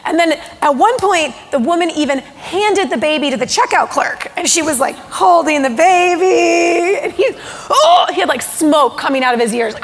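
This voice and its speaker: A woman giving a conference keynote on mindfulness to a live audience in a large hall, telling stories with lively acted-out quotes. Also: very high voice, normal speed, hardly any pauses. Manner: animated storytelling with acted quotes. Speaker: mindfulness speaker. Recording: long hall reverb.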